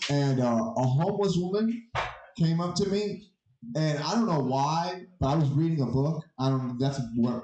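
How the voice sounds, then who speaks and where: A man doing stand-up, telling a story with lively acted-out shouts and laughing at himself in a comedy club. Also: on the high side, a little hiss or hum. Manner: animated, acts out shouted quotes, laughs at his own story. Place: comedy club with a live audience. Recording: echoey club room with crowd.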